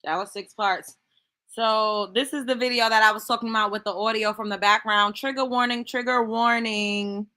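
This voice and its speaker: A woman's voice: fairly high pitch, fairly even intonation, moderate pace, bright, forceful tone. A woman hosting a commentary show, reacting bluntly and incredulously with lots of cursing. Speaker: host.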